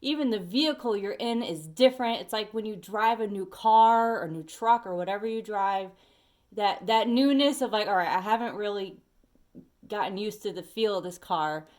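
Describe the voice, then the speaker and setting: A woman at home giving a casual tarot reading to her viewers, chatty and animated, talking straight to the listener. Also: medium pitch, moderate pace. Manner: sings snatches of songs and talks to bugs. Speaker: tarot reader. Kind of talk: casual weekly energy reading.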